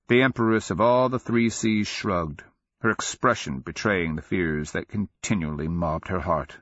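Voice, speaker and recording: Male audiobook narrator, measured and steady; dull, lo-fi, very dry recording. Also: sits low, dry recording. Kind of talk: scripted fantasy narration.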